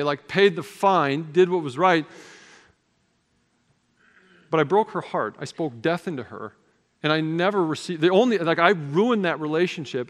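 A man's voice: a little high, fairly bright tone. A man preaching a sermon, telling a childhood story in an earnest, conversational way with casual fillers. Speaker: pastor. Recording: long hall reverb.

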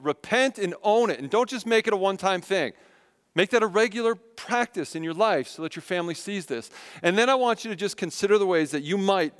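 A man's voice: sits high, a bit bright, clean tone. A man in his thirties preaching a sermon to his church, earnest and conversational, telling personal family stories. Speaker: pastor. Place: church sanctuary. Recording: long reverb in a church hall.

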